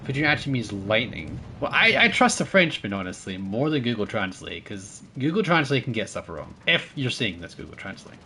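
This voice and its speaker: A man's voice: on the low side, big pitch swings, a little fast, hardly any pauses, sharp tone, a little hiss or hum. A man streaming a naval battle game, chatting with his viewers and teammates, thanking supporters and laughing often as he plays. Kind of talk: casual gameplay commentary.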